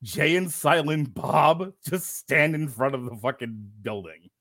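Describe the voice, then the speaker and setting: A man co-hosting a casual film review podcast, animated, laughing often and swearing freely. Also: on the high side, measured pace, no echo, clean studio sound. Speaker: podcast co-host.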